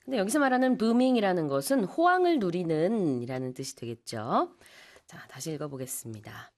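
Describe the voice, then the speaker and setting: A woman co-hosting a bilingual news lesson, explaining English terms and switching into Korean to translate. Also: on the low side. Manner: brisk, lively, switches into Korean.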